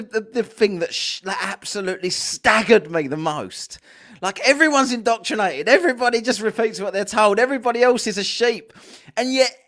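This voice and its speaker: Animated swearing man, high voice. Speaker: podcast host. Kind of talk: reaction commentary.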